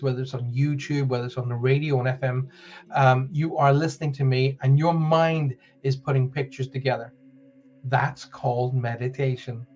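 A man's voice: medium pitch, darkish tone. A man with a Northern Irish accent hosting a live-streamed spiritual show in a chatty, rambling way, with many fillers and restarts. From Northern Ireland. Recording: dull lo-fi stream audio.

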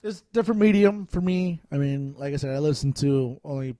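Male co-host, Chicago accent, mellow and warm, jokey banter, dry room. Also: on the high side, a little fast, hardly any pauses, no echo. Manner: joking, self-deprecating banter. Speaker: podcast co-host. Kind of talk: casual chat.

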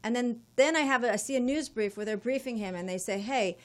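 A woman guest telling a long travel story in a casual, profane, animated way. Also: fairly high pitch, brisk.

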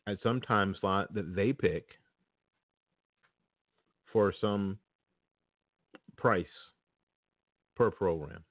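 A very low-pitched man talks straight to his audience in a blunt, opinionated, casual monologue. The sound comes through a tinny, phone-like line and is dry and close, with no room echo. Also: drawn-out words, long pauses. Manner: blunt and opinionated, speaks directly to listeners. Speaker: podcast talk-show host.

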